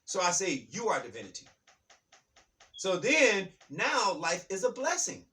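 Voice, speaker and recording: A man giving an impassioned spiritual talk, fired up and preachy, repeating key lines and shouting words for emphasis. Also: high voice, wildly swooping pitch, measured pace, distant mic. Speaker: motivational speaker.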